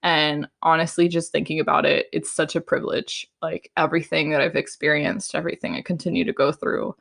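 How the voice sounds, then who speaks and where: A woman's voice: deep voice, level tone, brisk, creaky, a bit bright. A young woman hosting a solo podcast, chatting frankly and casually, full of fillers, sometimes acting out her own inner voice. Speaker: podcast host.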